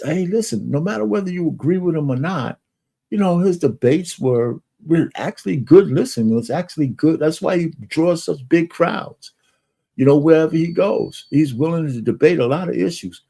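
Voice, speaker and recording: Gravelly man rambling over news clips. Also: fairly high pitch, lively intonation, moderate pace, mellow. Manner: rambling, many fillers and restarts. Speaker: streamer reacting to news clips. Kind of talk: casual commentary.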